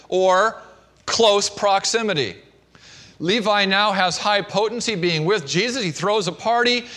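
A man preaching a sermon, shifting between emphatic and hushed delivery. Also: high voice. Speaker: pastor.

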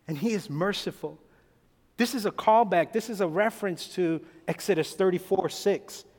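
A man's voice: high voice, long reverb tail. A male preacher giving a sermon in an emphatic way, rising to pleading bursts.

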